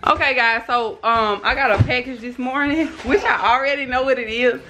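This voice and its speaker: A woman in her twenties talking in a casual unboxing vlog, excitable, breaking off to calm her kids. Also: high voice, moderate pace, noisy background. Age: 20s. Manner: excitable, shrieks and laughs, talks to her kids between sentences. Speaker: vlogger.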